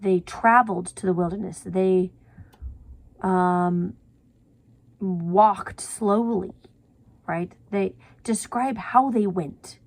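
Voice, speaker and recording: A woman teaching a writing lesson in an unhurried, gravelly voice with a husky edge. She talks casually and corrects herself as she goes. She sometimes dips into a whisper to read out an example. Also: on the low side, no echo. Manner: chatty, self-correcting, drops to a whisper for examples.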